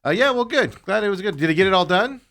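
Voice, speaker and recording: A man hosting a casual talk show, chatting and teasing his co-host, with sudden jumps up in pitch. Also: lively intonation, fast talker, fairly bright tone. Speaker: podcast host.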